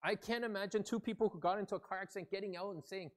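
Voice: mid-range voice, racing. A pastor preaching a sermon in an earnest, conversational way.

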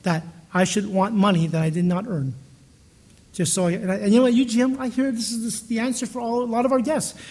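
A man's voice: high-pitched, steady tone, fast talker, darkish tone. A man pastor giving a conversational sermon, telling stories in a chatty way and often restarting his sentences. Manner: storytelling, chatty, with frequent restarts.

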